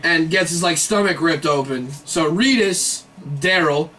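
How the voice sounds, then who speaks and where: A man's voice: a little high, measured pace, bright, forceful tone. A young man in casual podcast chat, rambling and swearing as he recaps scenes and acts out the characters' lines. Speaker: podcast host. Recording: roomy sound from a distant mic with faint hiss.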